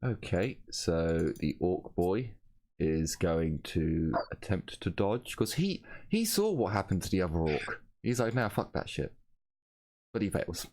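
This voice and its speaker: A man narrating as game master of a tabletop game, relaxed and rambling, correcting himself as he goes. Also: deep voice, measured pace.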